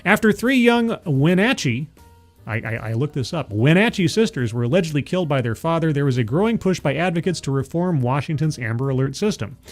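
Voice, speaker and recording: A man's voice: fairly high pitch, expressive, a little fast, soft background music. A man hosting a political commentary livestream, sardonic and rambling, full of fillers and restarts, who reads viewer chat aloud. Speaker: livestream host.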